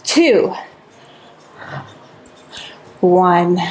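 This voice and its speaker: A woman's voice: fairly high pitch, unhurried, long pauses, slight background noise. Breathless upbeat woman leading a workout. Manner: energetic, counting reps with cheers. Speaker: Pilates instructor. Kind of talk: workout class instruction.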